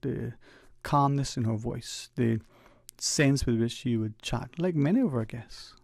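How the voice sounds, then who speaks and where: A man's voice: medium pitch, creaky, darkish tone, no echo. Man, radio host, reflective monologue, dry close studio mic. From Cayman Islands. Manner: conversational, preachy, speeds up and slows down for emphasis. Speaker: radio talk show host. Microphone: studio microphone.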